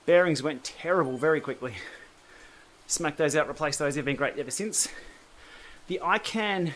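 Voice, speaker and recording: A man's voice: fairly high pitch, moderate pace, fairly bright tone, slight background noise. An Australian man hosting a casual cycling livestream, chatting and answering viewer comments while he pedals on an indoor trainer. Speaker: cycling channel host.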